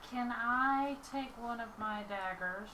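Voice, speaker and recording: A woman's voice: on the high side, takes it slowly, noisy background. A woman playing a tabletop game in casual chat, talking hesitantly with many fillers, recorded in a roomy space from a distance. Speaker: player.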